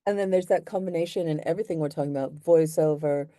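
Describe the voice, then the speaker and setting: Low-voiced woman host, dry room. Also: fast talker, warm tone, no echo. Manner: affirming, lots of listening sounds. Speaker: interview host. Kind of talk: casual interview talk.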